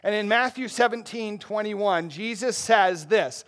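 A male pastor with a high-pitched voice preaches an expository sermon a little slowly. The style is animated and conversational, with frequent asides directed at the congregation.

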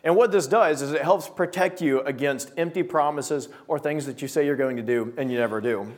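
A man's voice: on the high side, a little fast. A young man preaching a sermon to a small gathering, telling stories and acting out quoted voices. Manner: animated storytelling with voiced quotes.

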